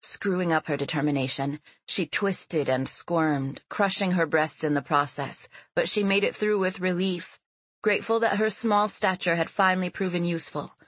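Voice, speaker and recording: A woman reading a fantasy novel aloud as an audiobook narrator, in a measured and expressive storytelling manner. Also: fairly low pitch, dry recording.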